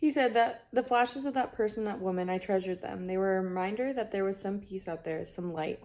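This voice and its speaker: A woman reacting out loud as she reads a fantasy novel, gushing and sometimes dropping to a whisper. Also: medium pitch, brisk. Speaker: book vlogger. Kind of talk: reading vlog reactions.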